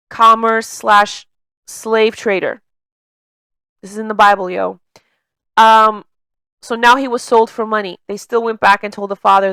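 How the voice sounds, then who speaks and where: A woman's voice: on the high side, a bit bright, clean tone, dry recording. Woman coach with a slight stutter. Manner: repeats words mid-sentence, slight stutter; conversational, many fillers like "you know" and "like". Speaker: emotional intelligence coach. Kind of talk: casual coaching monologue.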